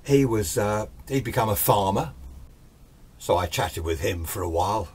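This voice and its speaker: Older male storyteller, husky and low, loose rambling delivery. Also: animated, normal speed, darkish tone. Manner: rambling, chatty, self-deprecating. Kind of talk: casual spoken ghost story.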